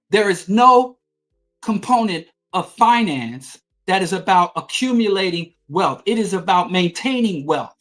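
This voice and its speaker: A man's voice: high-pitched, a bit bright. Emphatic middle-aged man lecturing. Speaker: podcast host. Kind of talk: political commentary monologue.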